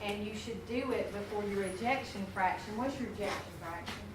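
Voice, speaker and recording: A woman's voice: mid-range voice, fairly quick. Woman lecturing nursing students. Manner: folksy, animated storyteller who talks straight to the class. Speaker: nursing instructor. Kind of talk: classroom lecture with storytelling. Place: classroom. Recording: echoey classroom recorded from a distance with noise.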